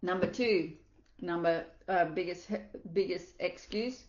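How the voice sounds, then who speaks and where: A woman's voice: fairly low pitch, unhurried, echoey room, muffled recording. A woman coach reading a self-help book aloud, earnest, with small slips and asides.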